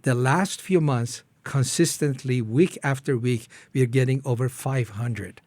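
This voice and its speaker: A man's voice: a little mellow, no echo. Earnest middle-aged man from Iran. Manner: halting, earnest, acts out his own prayers with rising pitch. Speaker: ministry founder, guest. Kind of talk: personal testimony in an interview.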